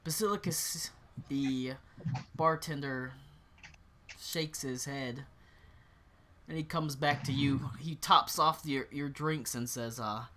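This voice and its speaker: A male game master narrates a tabletop session in a rambling, filler-heavy style. His voice is bright and clear, at a middle pitch. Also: steady tone, takes it slowly, long pauses, a little hiss or hum.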